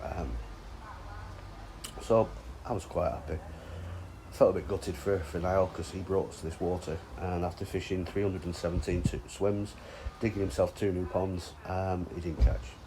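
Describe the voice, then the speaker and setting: The deep-voiced angler and vlog host talks at a moderate pace with fairly even intonation, the lakeside setting noisy around him. He trades sweary, teasing banter in a relaxed chat outdoors.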